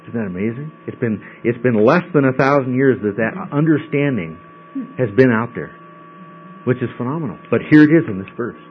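A man's voice: medium pitch, lively intonation, fairly quick. A man teaching a Bible study in a conversational way, often checking in with the class. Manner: conversational, checks in with frequent "okay?". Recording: dull lo-fi recording with mains hum.

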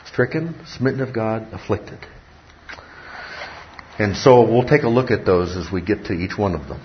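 A man's voice: fairly low pitch, animated, moderate pace, a little hiss or hum. A man preaching a sermon as pastor, stressing key words and checking in with the congregation as he teaches. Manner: emphatic teaching, often checks in with listeners. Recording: dull lo-fi sermon recording.

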